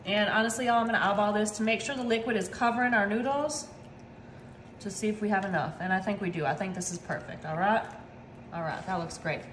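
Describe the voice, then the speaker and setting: A woman's voice: mid-range voice, quick pace, roomy sound, background noise. A woman, chatting in an upbeat, casual way as she cooks in her home kitchen. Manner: chatty, upbeat, says "y'all" constantly. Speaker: home cook. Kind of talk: casual cooking video.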